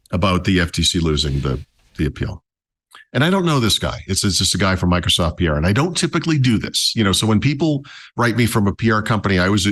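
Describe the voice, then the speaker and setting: A man's voice: on the low side, a bit bright. A man talking casually as a tech podcast commentator, wry and chatty, with many fillers and restarts.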